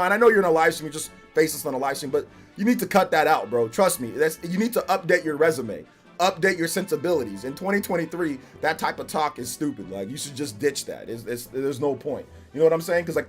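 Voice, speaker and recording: A man chatting casually on a live stream. He rambles and repeats himself, laughs often, and peppers his talk with slang like "bro" and "you know what I'm saying". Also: on the high side. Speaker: live streamer reacting to a game trailer.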